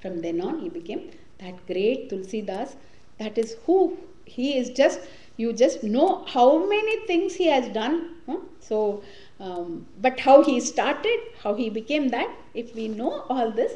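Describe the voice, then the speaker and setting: A woman tells a devotional story to a gathering, and her voice sits high and expressive. The recording carries a clear echo of the room around her. She talks in an animated storytelling way. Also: measured pace. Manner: warm, animated storytelling with Hindi words. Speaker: spiritual class leader. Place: community hall or temple room.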